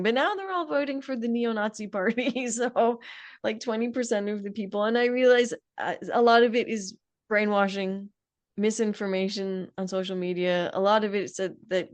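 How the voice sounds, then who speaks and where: A woman's voice: fairly high pitch, normal speed, no echo. A woman hosting a podcast interview, talking earnestly and at length in casual conversation. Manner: earnest, talkative. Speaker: podcast host. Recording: dry close sound.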